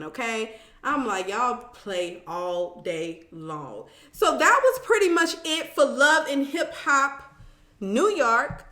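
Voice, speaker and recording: Woman live-stream host, relaxed unhurried delivery, chatty with viewers, recorded in an echoey room. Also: high voice. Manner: chatty and animated, talks straight to viewers, reads comments aloud. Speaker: live-stream host recapping a reality show. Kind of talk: casual live-stream chat.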